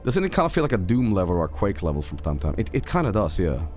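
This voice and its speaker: A man with a fairly low voice chats casually to his viewers while he plays a game. His pitch swings widely as he rambles, swears freely and keeps breaking into laughter. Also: sing-song, racing, darkish tone, soft background music. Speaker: streamer. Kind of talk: casual livestream chat while gaming.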